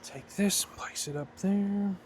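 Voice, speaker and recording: High-pitched and slow, with a darkish tone, this man's voice carries a faint hiss or hum. He's a hobbyist putting together a flight-sim throttle, chatting informally as he builds and solders at his bench, thinking out loud and fixing his own slips in a casual workshop tutorial.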